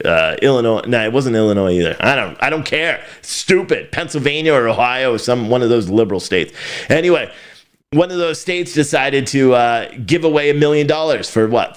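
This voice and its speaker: A middle-aged man hosting his own news show. He rants in a sarcastic tone, laughs at his own jokes and swears as he goes. His voice sits at an everyday middle pitch. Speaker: news commentary host. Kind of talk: casual opinionated commentary.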